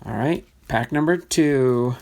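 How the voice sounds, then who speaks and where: Slow-talking chatty man on a livestream. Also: medium pitch, gravelly, slight background noise. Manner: chatty, reads names aloud, excitable bursts. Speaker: livestream card breaker. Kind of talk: live box-break commentary.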